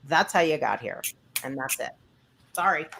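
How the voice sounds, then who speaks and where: Woman moderator, lowish voice, blunt and wry, video-call audio. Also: lively intonation, moderate pace, vocal fry, a bit bright, slight background noise. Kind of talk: moderating a panel.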